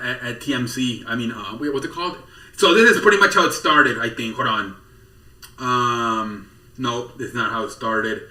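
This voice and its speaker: A man's voice: mid-range voice, pushed and bright, echoey room, recorded from a distance. A man hosting a podcast, chatting casually and rambling through wrestling news with lots of swearing and disbelief. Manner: profane, rambling, incredulous. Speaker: podcast host.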